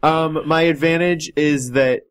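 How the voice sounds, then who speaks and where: A man playing a tabletop game, goofy and quick to laugh. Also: a little high, steady tone, clear, resonant tone. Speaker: player. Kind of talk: casual tabletop play.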